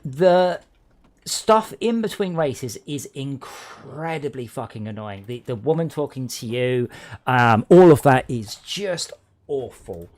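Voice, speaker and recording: A man's voice: medium pitch, expressive, takes it slowly, darkish tone. Rambling, sweary man chatting while gaming. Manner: rambling, sweary, self-interrupting. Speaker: streamer playing with friends. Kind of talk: casual gaming chat.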